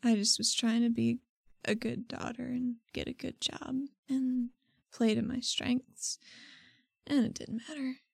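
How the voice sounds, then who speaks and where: A woman's voice: fairly high pitch, level tone, a little slow, creaky, husky, dry recording, clean studio sound, exaggerated voice. Woman voicing a hesitant, guilt-ridden young daughter. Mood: subdued. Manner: hesitant, soft-spoken, trailing off. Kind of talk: voicing a character in a tabletop game.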